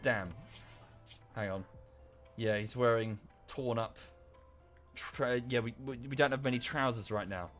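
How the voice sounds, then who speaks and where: A man's voice: medium pitch, a little slow, fairly bright tone, soft background music. A man streaming a colony-building game, chatting casually and correcting himself as he talks to viewers and the characters on screen. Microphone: desk microphone.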